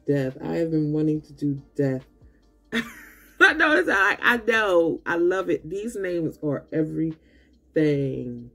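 A woman with a husky, slightly breathy voice unboxing makeup for her viewers, speaking. She talks slowly and sounds tired and drained, yet keeps gushing with excitement. Soft music plays faintly behind her. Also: low voice. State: tired and low on energy. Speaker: beauty vlogger. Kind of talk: casual unboxing chat.

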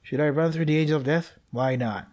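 A young man commentating his gameplay, joking, excitable, and talking to the characters on screen. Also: fairly high pitch, brisk. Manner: joking, excitable, talks to the game characters, laughs often. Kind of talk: let's play commentary.

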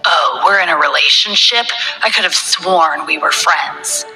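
A woman putting on a deep, gruff, curt young man. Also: measured pace, bright, forceful tone, big-room sound, faint music behind, exaggerated voice, rough recording. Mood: curt sarcastic. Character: cold, gruff young man pushing her away.

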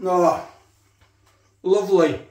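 A man's voice: high voice, fairly even intonation, slow, darkish tone, muffled recording. Chatty man in echoey kitchen. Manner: chatty, talks while eating. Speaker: food vlogger. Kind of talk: casual food review.

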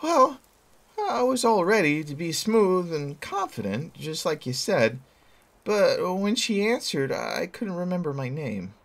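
An eager, bashful teenage boy, voiced by a man reading aloud, his voice leaping high and squeaky. He sounds shy and easily excited, with a lively, swinging pitch. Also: a little slow, gravelly, heavily acted. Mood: sheepish.

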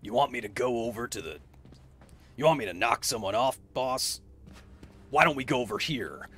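A man putting on a low, gruff generic video game tough guy voice. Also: lively intonation, normal speed, fairly bright tone.

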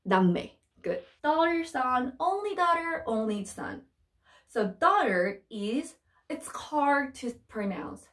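A young woman with a Korean accent teaches vocabulary in English, her slightly high voice rising and falling in a very animated way. She repeats each word several times and slows down to drill it. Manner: slow repetitive drilling of words. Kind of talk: vocabulary lesson.

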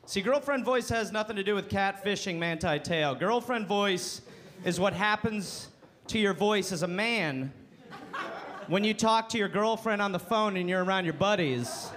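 Brash high-voiced male stand-up comic. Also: moderate pace, slight background noise. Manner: brash, animated comic delivery. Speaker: stand-up comedian. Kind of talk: stand-up comedy set. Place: comedy club stage. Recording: live club with loud crowd. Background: audience laughter.

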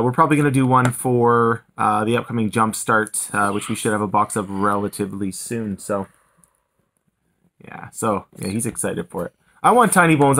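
A man's voice: mid-range voice, sharp tone. A man hosting a casual card-opening video, rambling along with lots of "uh" and "um" between thoughts. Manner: rambling, many filler words. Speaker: host opening card packs.

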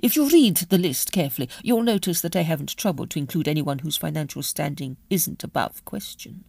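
A woman voicing a cool, smug young gentleman who speaks calmly and slyly, in a husky voice. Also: sits low, a little fast, no room sound, heavily acted. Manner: calm, sly, understated.

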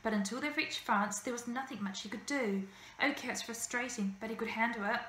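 A woman teacher reading a children's novel aloud with lively, expressive storytelling. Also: on the high side, a little fast, slight background noise. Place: school room. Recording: echoey room, faint ambience.

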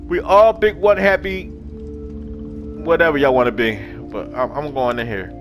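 A man giving casual, excitable let's-play commentary, swearing freely and talking to his viewers and the game's characters. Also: on the high side, a little slow, faint music behind. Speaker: gaming video host.

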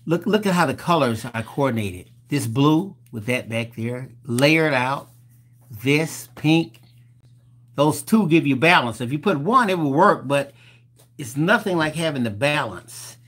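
A man's voice: a little high, expressive, fairly bright tone, husky. A man, co-hosting a casual chat as he reads get-well cards, joking and laughing as he talks. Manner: joking, laughing, drawn-out storytelling. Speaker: co-host.

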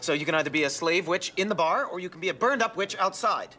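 A man's voice: sits high, lively intonation, fast talker, pushed and bright. An actor playing a smug, bossy man in a colonial-era sitcom scene. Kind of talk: sitcom acting.

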